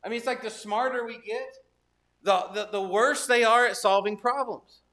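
Bright-voiced high-pitched male preacher. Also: normal speed. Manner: conversational storytelling preacher, frequent restarts and asides. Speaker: pastor. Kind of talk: sermon.

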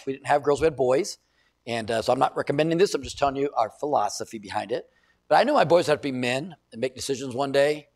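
A man's voice: mid-range voice, gravelly. A middle-aged male pastor preaching a sermon in a conversational way, building to emphatic bursts.

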